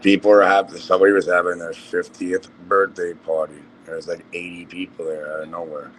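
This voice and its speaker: A man's voice: low-pitched, level tone, fairly quick, a bit bright, a little hiss or hum, poor audio. A man telling stories in a casual group voice chat.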